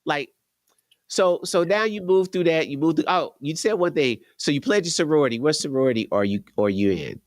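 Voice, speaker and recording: A man's voice: fairly high pitch, animated, a little fast, dry recording, clean studio sound. A man in his fifties hosting an interview, bantering in a casual, slangy, playful way. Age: 50s. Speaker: host. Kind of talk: interview conversation.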